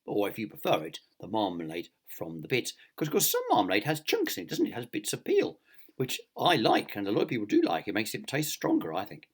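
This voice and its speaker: A man's voice: on the low side, wildly swooping pitch, a little fast, husky. A man, a teacher, reading a picture book aloud to children, with chatty asides to his young listeners.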